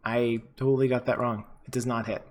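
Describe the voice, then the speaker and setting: A man's voice: medium pitch, level tone, brisk, a little mellow, a little hiss or hum. A man narrating as game master of a tabletop game, casual and full of fillers.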